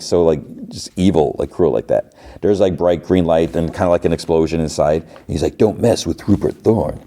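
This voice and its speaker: A man's voice: sits low, dark tone. A man hosting a podcast, recapping an episode casually and rambling with lots of "like" and restarts. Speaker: podcast host.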